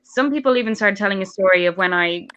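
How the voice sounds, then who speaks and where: A woman's voice: medium pitch, fast, a bit bright, clear, resonant tone, no room sound, muffled recording. An Irish woman comedian chatting on a video call, laughing often and swearing freely. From Ireland. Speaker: comedian guest. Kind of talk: casual chat on a video call.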